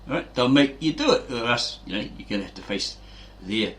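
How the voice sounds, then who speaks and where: A man's voice: medium pitch, lively intonation, normal speed, a bit bright, a little hiss or hum. A man hosting a fitness channel, telling rambling anecdotes in a casual motivational monologue, often checking in with "right?". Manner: anecdotal, chatty, keeps tagging with "right?".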